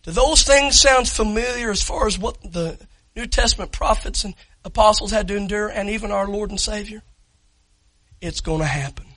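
A man preaching a sermon, impassioned, shouting and near tears at the peaks. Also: high voice, moderate pace, no room sound, low-quality recording. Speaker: pastor.

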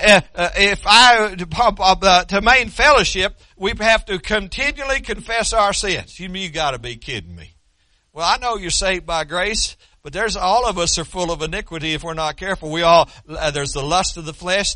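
An older man preaching a sermon, folksy and fervent, stammering through restarts and breaking into shouts. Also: high voice, no room sound. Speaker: pastor.

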